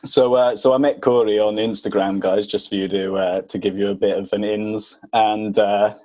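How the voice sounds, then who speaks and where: A man's voice: on the low side, level tone, normal speed, warm tone. A British man from the UK hosting a fitness podcast in a casual, chatty way, with lots of fillers. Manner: chatty, laid-back, with many fillers. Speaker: podcast host.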